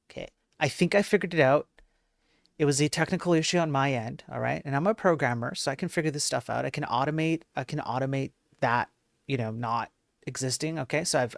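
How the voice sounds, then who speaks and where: A man's voice: medium pitch, gravelly, no echo, clean studio sound. Rambling self-deprecating male streamer. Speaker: livestream host. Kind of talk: casual live-stream chat.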